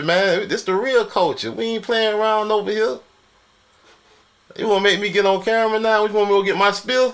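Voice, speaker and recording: A man's voice: sits high, a bit bright. A man from Florida on a live stream, arguing heatedly and boasting, with repetitive challenges and frequent laughter.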